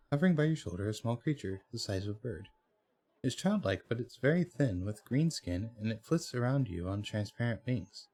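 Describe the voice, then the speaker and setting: A man's voice: medium pitch, a little mellow. A man hosting a let's play, reading the game's story text aloud with hesitations and frequent self-corrections. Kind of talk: reading game text aloud while playing.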